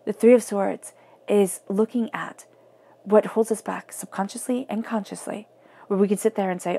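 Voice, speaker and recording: Husky, gravelly woman giving a tarot reading. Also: mid-range voice, fairly even intonation, normal speed. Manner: earnest, drops to soft near-whispers for emphasis. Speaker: tarot reader.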